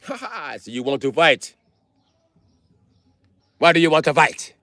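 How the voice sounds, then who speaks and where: A man itching for a fight, as a man puts him on, calls out in a raised, high, ringing voice. His challenge comes loud and insistent, and it swings up and down. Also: sing-song, a little slow, no room sound, heavily acted. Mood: challenging. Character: big-eyed man challenging someone to fight.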